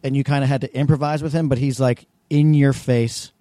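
Fast-talking man in casual chat. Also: medium pitch, fairly even intonation, warm tone, no room sound, studio quality. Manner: quick talker with frequent "like" fillers. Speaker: podcast co-host.

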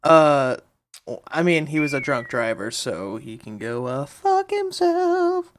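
Give me a male podcast co-host who tells a story in an offhand, dry way. His voice sits at an ordinary middle pitch. He sounds casual. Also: lively intonation, a little slow, a bit bright, slight background noise. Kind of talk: casual chat.

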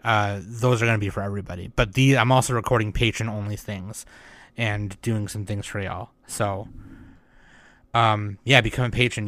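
A man's voice: on the low side, fairly bright tone, dry recording. A man hosting his podcast in casual talk, emotional and sensitive, full of fillers and restarts. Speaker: podcast host.

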